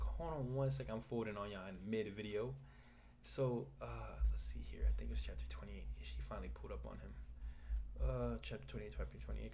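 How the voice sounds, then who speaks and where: A man casually recapping manga chapters, rambling with restarts and loose paraphrase. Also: mid-range voice. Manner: rambling, restarts, paraphrases characters in a flat retelling. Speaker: manga commentator.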